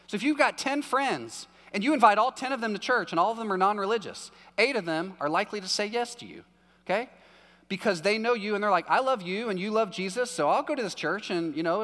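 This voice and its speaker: A man's voice: fairly high pitch, a bit bright. A man preaching a sermon in a casual, conversational way with joking asides, recorded live in a church hall. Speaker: pastor.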